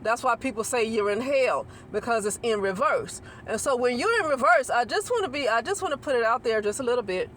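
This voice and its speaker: A woman's voice: on the high side, lively intonation, fairly quick, few pauses, fairly bright tone, a little hiss or hum. Rambling woman musing on spirituality. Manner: rambling, repeats and restarts phrases, asks listeners to agree. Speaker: channel host. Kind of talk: casual spiritual monologue to camera.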